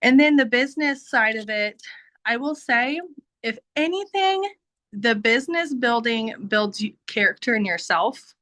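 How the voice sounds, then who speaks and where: A woman's voice: fairly high pitch, moderate pace, bright, forceful tone, no echo, low-quality recording. A woman giving a heartfelt personal testimony over a video call, talking casually with frequent laughs and filler words. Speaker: business team member giving a testimony.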